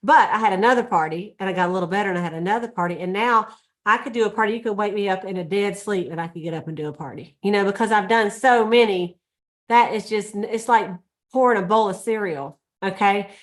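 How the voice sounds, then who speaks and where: A woman's voice: mid-range voice, quick pace. A middle-aged or older woman, leading a sales meeting in a casual, chatty way and acting out little scenes. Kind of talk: casual motivational talk.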